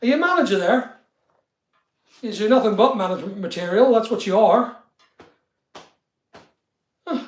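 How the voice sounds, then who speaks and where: A man's voice: sits high, animated, normal speed, long pauses. A middle-aged man, chatting casually on a live stream and greeting viewers by name. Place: studio room being built. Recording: echoey unfinished room.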